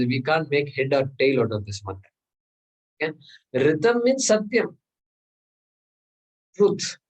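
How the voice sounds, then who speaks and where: Husky man teaching scripture. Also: mid-range voice, low-quality recording. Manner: explains Sanskrit terms slowly, checks with "okay?". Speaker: Vedanta teacher. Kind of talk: scripture class lecture.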